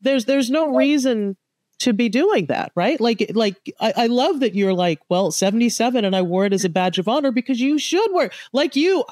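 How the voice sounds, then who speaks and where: A woman's voice: fairly high pitch, animated, moderate pace, a little mellow, no echo, clean studio sound. A woman in her fifties, a guest author in a conversational interview, who talks animatedly and acts out quoted dialogue. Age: 50s.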